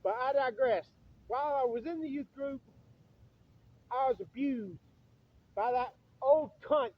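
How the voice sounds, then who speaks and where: Bitter high-voiced man ranting, dull recording. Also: husky, dry recording. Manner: profane, bitter, repeats himself. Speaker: vlogger. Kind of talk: angry rant to camera. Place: outdoors at night beside a church.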